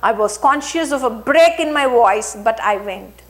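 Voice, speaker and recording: High-voiced woman teacher. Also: expressive, a little slow. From India. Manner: rereads and paraphrases each line, acts out the quoted speech. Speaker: English teacher. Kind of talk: explaining a story to students.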